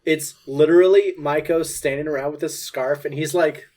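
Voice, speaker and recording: A man's voice: a little high, fairly even intonation, moderate pace, a little mellow, slight background noise. A man playing a tabletop game, chatting casually with dry jokes. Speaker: player. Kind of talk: casual chat.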